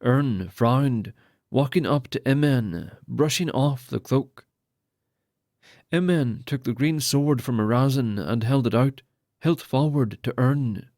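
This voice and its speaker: A man reads an epic fantasy novel aloud in a steady, measured way. His voice sits at a middling pitch, and the recording is dry, with no room sound. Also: no room sound. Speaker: audiobook narrator. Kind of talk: scripted narration.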